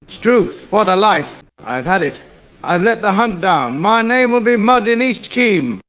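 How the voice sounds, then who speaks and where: A man voicing a pompous, self-pitying suburban gent who is quick to get indignant, in an AI-voiced comedy sketch. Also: high voice, big pitch swings, a bit bright, dull audio, heavily acted. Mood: exasperated.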